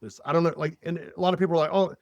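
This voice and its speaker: A man's voice: a little high, fairly even intonation, rapid-fire, darkish tone, no room sound, lo-fi sound. A man in casual podcast chat, telling a long story with many fillers and restarts. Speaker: podcast guest.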